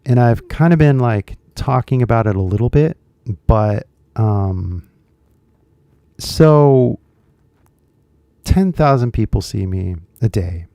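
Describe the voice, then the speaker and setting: A man hosting a live stream, chatting casually in a halting way with fillers and restarts. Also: medium pitch, animated, gravelly, dark tone, no echo. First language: English.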